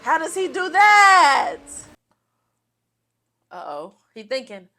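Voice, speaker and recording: A woman's voice: very high voice, big pitch swings, slow, pauses often, pushed and bright. A young woman giving casual reaction commentary to a movie, talking back at the screen with teasing jokes and exclamations.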